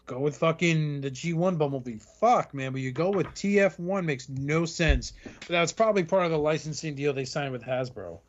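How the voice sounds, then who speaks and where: A man's voice: fairly high pitch, moderate pace, a little hiss or hum. A man hosting a podcast, ranting sarcastically and swearing constantly in casual banter. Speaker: podcast host. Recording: slightly muffled lo-fi audio.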